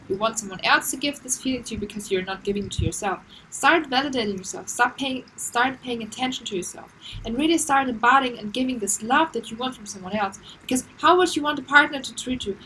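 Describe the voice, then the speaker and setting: Woman, self-help vlogger, earnest and repetitive, slightly high voice, faint background noise. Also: a bit bright, low-quality recording. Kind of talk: casual advice monologue.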